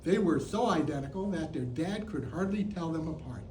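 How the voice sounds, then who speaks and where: A man's voice: fairly high pitch, expressive, moderate pace, warm tone, a little hiss or hum. A man in his seventies from Chicago, telling a playful personal story on stage in a theatrical way. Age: 70s. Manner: playful, theatrical, mock sports announcing. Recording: roomy theater sound, distant mic, faint ambience.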